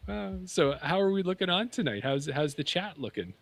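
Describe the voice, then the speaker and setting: A man's voice: fairly high pitch, very animated, moderate pace, creaky, fairly bright tone. A man from Canada co-hosting a podcast, joking and chatting casually with his co-host. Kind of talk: casual chat.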